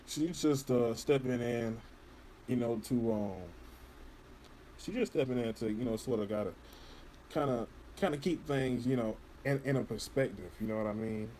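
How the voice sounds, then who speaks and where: Guy rambling thru a podcast interview, cussing a lot, lots of you-knows, mid-pitched, bit of faint hum behind. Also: unhurried, long pauses, a little mellow. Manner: rambling, profane, heavy on "you know" fillers. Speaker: podcast guest. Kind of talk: casual interview chat.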